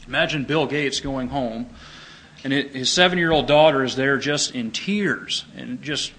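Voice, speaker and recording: Male preacher, middle-aged, bright forceful tone, emphatic sermon delivery, faint hiss behind. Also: poor audio. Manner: earnest, emphatic, rises in pitch on key points.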